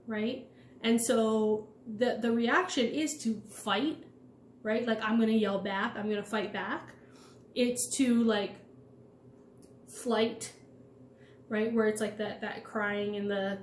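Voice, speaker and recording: A woman hosting her channel, talking casually, with frequent "right?" checks and quick acted-out asides of her own thoughts. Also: medium pitch. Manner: chatty, repeats "right?" and "like". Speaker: channel host. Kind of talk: casual talk to camera. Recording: roomy, with faint background noise.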